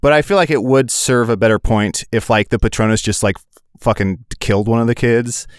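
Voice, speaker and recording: A man's voice: medium pitch, steady tone, brisk, clean tone, dry recording, studio quality. A man guesting on a podcast, chatting casually with wry comic asides and playful bits. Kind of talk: casual chat.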